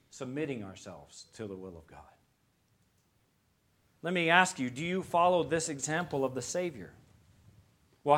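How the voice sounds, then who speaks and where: A male pastor preaching a sermon, moving between loud emphatic lines and quiet, hushed ones. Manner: preaching with wide swings from loud emphasis to hushed low tones.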